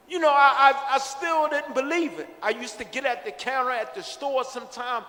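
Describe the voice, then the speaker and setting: A man's voice: very high voice, moderate pace, hardly any pauses, sharp tone, long reverb tail. A middle-aged man earnestly telling his own life story in an interview, reflective and often repeating himself. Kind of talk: personal storytelling.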